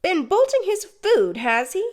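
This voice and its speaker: A woman voicing a sharp-tongued, bullying older sister who snaps and scolds in an audiobook. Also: high voice, wildly swooping pitch, moderate pace, pitched above the performer's own voice, heavily acted. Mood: scolding.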